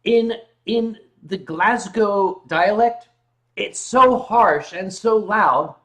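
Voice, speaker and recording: Man, high pitch, livestream host, casual joking chat, reads viewer comments aloud. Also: very slow, rough recording. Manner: jokey, reads chat aloud, bursts into loud mock shouting.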